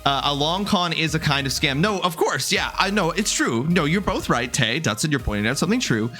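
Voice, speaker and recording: A young adult man streaming a video game and talking casually with his chat. He jokes a lot, welcomes viewers by name and often restarts or drifts off mid-thought. Faint music plays softly behind him. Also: on the high side, lively intonation, a little fast. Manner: chatty and joking, greets viewers by name, wanders off mid-sentence.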